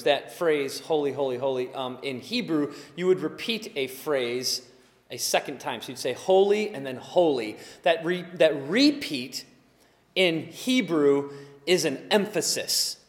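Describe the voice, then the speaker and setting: A man preaching a sermon, emphatic, swinging between quiet explanation and loud exclaiming. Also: on the high side, normal speed. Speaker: pastor. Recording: long hall reverb.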